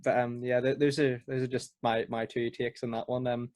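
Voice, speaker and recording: A man co-hosting a podcast in casual chat, easygoing and quick to agree and laugh. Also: medium pitch, level tone, darkish tone, no room sound, studio quality. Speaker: podcast co-host.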